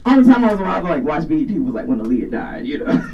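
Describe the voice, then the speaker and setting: Deep-voiced woman doing profane stand-up. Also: rapid-fire, lo-fi sound, background noise. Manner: profane, animated storytelling with crowd banter. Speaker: stand-up comedian. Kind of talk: stand-up comedy set. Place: garage studio with live audience. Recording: distant mic, live crowd laughter.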